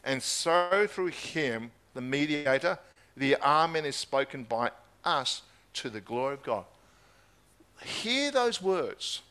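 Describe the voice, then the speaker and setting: A man with a high voice preaching a sermon. He reads scripture passages aloud and stresses his points by repeating them with emphasis. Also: sing-song, takes it slowly, bright, forceful tone, clear, resonant tone.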